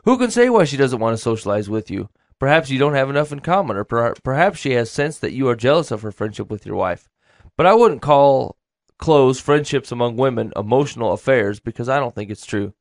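A man's voice: medium pitch, expressive, brisk, no room sound, clean studio sound. A man co-hosting a casual podcast, reading listener advice letters aloud and chatting.

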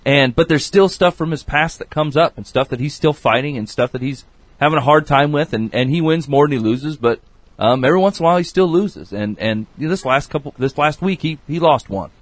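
A man's voice: fairly high pitch, lively intonation, a little fast, dry recording. A man on a podcast earnestly telling a story about counseling a friend, rambling with many restarts and quoted dialogue. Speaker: regular podcast guest giving advice. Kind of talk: casual podcast chat and storytelling. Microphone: studio mic.

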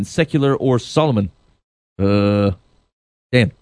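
A man's voice: on the high side, brisk, no room sound, clean studio sound. A man hosting a podcast quiz in casual chat, laughing often as he reads out proverbs. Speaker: podcast host.

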